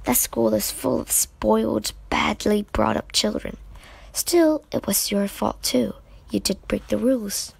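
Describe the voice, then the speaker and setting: A woman voicing a calm, gentle mother. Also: medium pitch, a little slow, vocal fry, husky, no room sound, exaggerated voice, poor audio.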